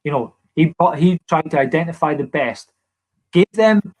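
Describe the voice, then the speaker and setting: A man's voice: a little high, animated, moderate pace, a little mellow. A man with a Scottish accent, a former footballer as podcast guest, telling stories earnestly with many restarts. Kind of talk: casual podcast chat.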